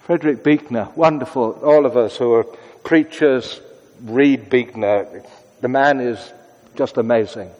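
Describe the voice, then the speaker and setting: Preacher in a reverberant church. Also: male voice, mid-range voice, highs cut off. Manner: conversational, shifts between brisk asides and hushed prayerful tones. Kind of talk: sermon.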